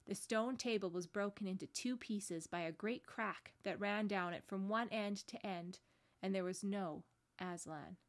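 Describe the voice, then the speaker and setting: A woman pastor reads a children's storybook aloud in a gentle, steady voice. Her pitch sits in a middle range. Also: moderate pace.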